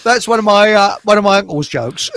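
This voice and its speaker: Male host, gravelly, raised pitch, loose chatty delivery, dry close sound. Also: sharp tone, no echo. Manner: chatty, laughing, searching for names. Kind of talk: casual chat.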